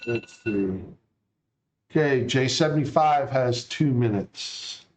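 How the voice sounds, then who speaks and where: A man's voice: mid-range voice, slow, a little hiss or hum, low-quality recording. A man hosting a live stream, talking casually and rambling with plenty of fillers. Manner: relaxed, rambling, lots of fillers. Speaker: stream host.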